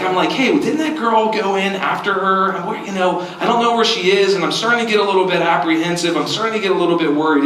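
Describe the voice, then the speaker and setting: A man's voice: high voice, a bit bright. A man preaching a sermon to his congregation, telling a story earnestly and acting out the quoted voices in it. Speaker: pastor. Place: church hall. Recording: echoey hall, distant mic.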